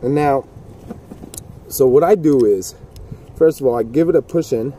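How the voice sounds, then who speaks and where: A man's voice: medium pitch, moderate pace, dark tone, slightly rough. A man casually talking through a handgun demonstration outdoors in the cold, rambling with folksy jokes and asides. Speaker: gun video host.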